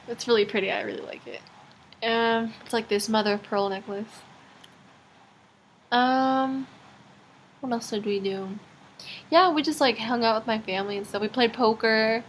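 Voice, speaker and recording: A woman's voice: on the high side, fairly even intonation, measured pace, pauses often, slight background noise. A teenage girl rambling through a casual video diary, chatty and full of fillers. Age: teens. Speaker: vlogger.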